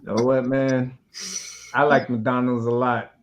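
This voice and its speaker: A man's voice: medium pitch, level tone, unhurried. Laid-back man on lo-fi audio. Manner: laid-back, joking, says "you know what I'm saying" a lot. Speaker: podcast co-host. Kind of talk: casual chat.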